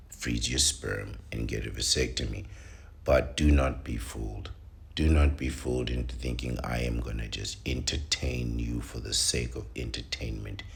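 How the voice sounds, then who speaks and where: A man's voice: a bass voice, vocal fry. A man hosting a show, reading an article aloud and breaking off into opinionated, preachy rants. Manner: preachy, rants with rising emphasis.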